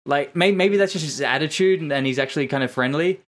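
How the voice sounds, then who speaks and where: A man's voice: on the high side, quick pace. A man co-hosting a podcast, talking in a loose, rambling way and swearing casually. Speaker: podcast co-host and interviewer. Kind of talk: casual chat.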